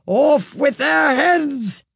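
A woman voicing a furious, shrieking tyrant queen who screams her orders slowly. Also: fairly low pitch, very animated, vocal fry, no echo, clean studio sound, heavily acted. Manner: screaming, slow and drawn out.

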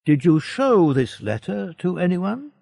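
A man's voice: high voice, big pitch swings, a little slow, vocal fry, a little mellow, no echo, clean studio sound, pitched above the performer's own voice, heavily acted. A man voicing a stern, secretive male judge who gives clipped orders.

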